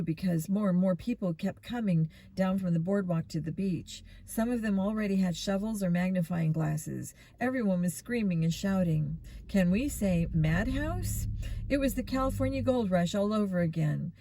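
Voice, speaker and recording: A woman reading a children's mystery novel aloud in steady, expressive first-person narration. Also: medium pitch, normal speed. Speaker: storybook reader.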